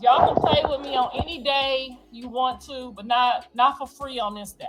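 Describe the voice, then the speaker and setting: A middle-aged woman with a high voice rants with raw emotion, swearing bluntly and hammering her points home through repetition. Faint music plays underneath her. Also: fairly even intonation, normal speed, few pauses. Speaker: mother telling her story. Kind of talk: emotional profane rant.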